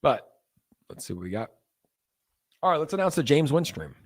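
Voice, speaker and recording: A man's voice: fairly high pitch, very animated, normal speed. A young man hosting a casual crypto livestream. He rambles loosely, with lots of fillers, and reads chat messages aloud.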